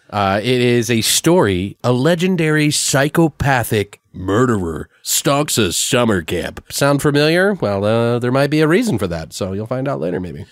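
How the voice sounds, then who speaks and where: A man's voice: medium pitch, no echo, clean studio sound. A man co-hosting a casual podcast, laid-back, laughing often as he talks. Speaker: podcast co-host. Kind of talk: casual chat.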